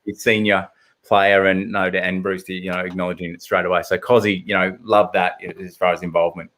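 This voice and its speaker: Hosting a laid-back football podcast, this Australian man speaks in a low voice at a brisk clip, with little pitch movement and a somewhat bright sound. Expect chatty banter, lots of numbers, and frequent fillers.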